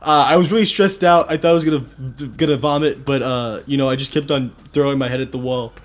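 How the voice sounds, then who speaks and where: A man's voice: medium pitch, fairly even intonation, fast, natural voice. A man doing a playful impression of a stressed male speedrunner, trying for a French accent and close to laughing. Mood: mock-serious. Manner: breaks into laughter.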